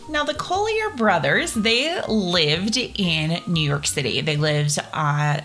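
A woman hosting a podcast for children, talking casually in a gushing, chatty way with quick asides. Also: medium pitch, a bit bright. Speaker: podcast host. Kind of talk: casual chat to young listeners.

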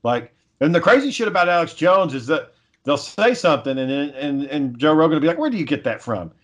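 A man's voice: a little high, animated, fairly quick. A man in casual chat, telling stories in a laid-back way, swearing often and chuckling.

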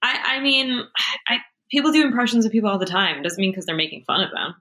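A woman guest on a podcast, talking quickly and playfully, cracking jokes. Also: fairly high pitch, expressive, pushed and bright. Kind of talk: casual podcast chat.

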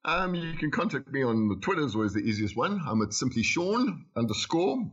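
Husky man on a dull line. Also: mid-range voice, big pitch swings, fairly quick, fairly bright tone. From South Africa. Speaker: podcast guest. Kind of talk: casual podcast chat.

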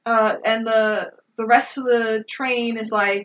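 A woman's voice: fairly high pitch, steady tone, takes it slowly, hardly any pauses, fairly bright tone, low-quality recording. A woman co-hosting a casual movie recap, blunt and laughing often, swearing freely.

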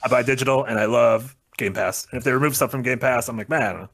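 Husky-voiced man co-hosting casually. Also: medium pitch, quick pace, dry recording. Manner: chatty, speeds up when excited. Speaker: stream co-host. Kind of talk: casual chat.

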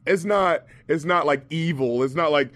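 A man's voice: fairly high pitch, moderate pace, no echo. A man talking as a podcast guest, rambling and swearing as he tears apart an album in casual chat. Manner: profane, rambling, animated.

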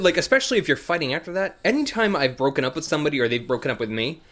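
A man's voice: a little high, expressive, very fast, fairly bright tone. A man in casual chat, cutting in with sarcastic jokes. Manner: joking, sarcastic interjections.

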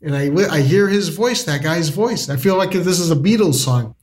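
A man's voice: on the high side, moderate pace, darkish tone. A man telling a personal story in a casual interview, rambling with restarts and lots of filler words. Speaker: storyteller guest.

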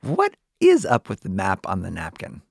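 A man's voice: low voice, huge pitch swings, normal speed, creaky, a little mellow, slightly rough, no room sound, studio quality. A man hosting a podcast, teasing his co-hosts in playful banter. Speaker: podcast host. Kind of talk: casual banter.

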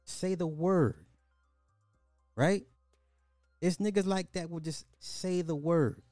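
A man's voice: a little high, steady tone, slow pace, a little mellow, dry recording, clean studio sound, soft background music. A man hosting a commentary podcast, reacting to clips in an exasperated way and repeating phrases for emphasis.

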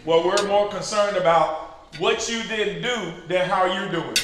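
A man preaching at a leader training, teaching through call-and-response and building to shouted peaks. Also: sits high, unhurried. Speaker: pastor leading a leader training. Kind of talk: sermon-style teaching. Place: large church hall with an audience. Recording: echoey hall with crowd responses.

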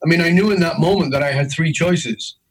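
Emphatic man telling his story, husky. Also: fairly quick, rough recording. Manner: intense, emphatic storytelling with big pitch swings. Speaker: guest, leadership speaker. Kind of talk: storytelling interview.

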